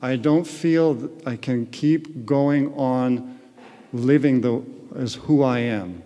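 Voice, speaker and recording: A man's voice: medium pitch, slow, mellow, muffled recording. A man giving an earnest personal spiritual testimony as a guest speaker in a large retreat hall. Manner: earnest storytelling. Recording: long echo of a large hall.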